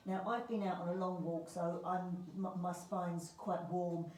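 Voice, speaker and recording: A woman leading a beginners Pilates class, calmly talking students through each movement with the occasional filler. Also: lowish voice, measured pace, a little hiss or hum. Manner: calm step-by-step cueing with fillers. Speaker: Pilates instructor. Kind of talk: guided exercise class. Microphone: camera across the room. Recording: roomy far-off mic with faint ambience.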